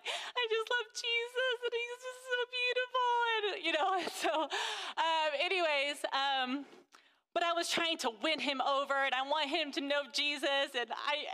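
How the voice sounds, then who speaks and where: A woman's voice: sits high, bright, forceful tone, clean tone, in a large hall. A woman sharing a casual faith testimony about being a mother. She gushes and fills her talk with restarts and fillers. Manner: gushing, full of fillers and restarts.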